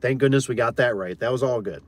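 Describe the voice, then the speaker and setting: A man's voice: mid-range voice, quick pace. A man who runs a garage door business, telling a job story in a rambling, blunt, folksy way and often repeating his words. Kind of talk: casual storytelling chat.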